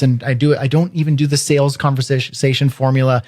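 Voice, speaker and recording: A man co-hosting a podcast, talking in an energetic, emphatic way. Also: mid-range voice, fairly quick. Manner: energetic, emphatic, acts out quotes. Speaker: podcast co-host. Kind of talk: casual podcast chat.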